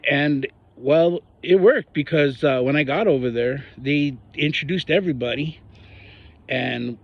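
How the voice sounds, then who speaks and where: A man's voice: a little high, a little slow, vocal fry, highs cut off. A man from northern New Mexico giving an angry personal monologue about local politics, ranting and mocking the people he talks about. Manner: heated, ranting, mocking voices of others.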